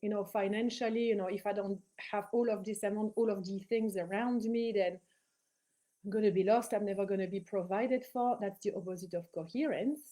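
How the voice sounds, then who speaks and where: A woman's voice: mid-range voice, steady tone, a little fast, warm tone. A woman giving an earnest spiritual teaching talk, stressing her points by repeating phrases.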